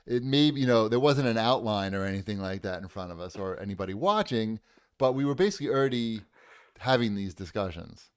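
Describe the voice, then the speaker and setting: A man co-hosting a casual podcast chat, joking around and often trailing off quietly. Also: lowish voice, animated, brisk, clean tone, dry recording, studio quality. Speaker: podcast co-host.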